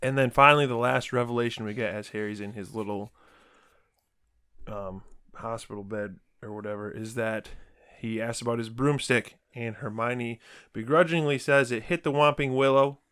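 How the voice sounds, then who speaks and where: A man hosting a podcast, recapping a book in a relaxed, casual chat and laughing often. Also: lowish voice, normal speed, smooth, dry recording, studio quality. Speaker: podcast host.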